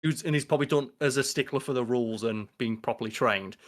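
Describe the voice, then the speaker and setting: Animated, sweary man. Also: medium pitch, fast. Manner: animated, sweary, acts out quoted lines. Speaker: podcast co-host. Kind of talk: casual chat.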